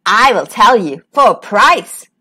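A woman voicing a cunning old female pig stranger who bargains slowly and slyly in a storybook reading. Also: medium pitch, sing-song, bright, forceful tone, heavily acted. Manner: slow, wheedling, bargaining.

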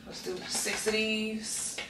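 Speaking slowly and in a level tone, a young woman with a voice on the high side vlogs from a roomy space at home, chatting openly with her viewers. The recording is very noisy and echoey, captured from a distant mic.

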